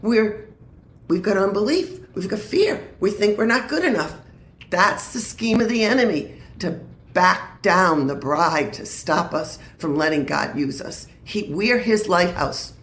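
A woman's voice: lowish voice, animated, measured pace, fairly bright tone, reverberant. A woman minister sharing a prophetic word in an earnest way and laughing easily.

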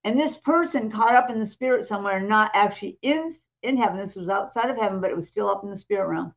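Woman telling a lively testimony. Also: mid-range voice, fast talker, vocal fry, muffled recording. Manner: retells a story in a lively way, acting out the dialogue. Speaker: co-host. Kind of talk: animated testimony storytelling.

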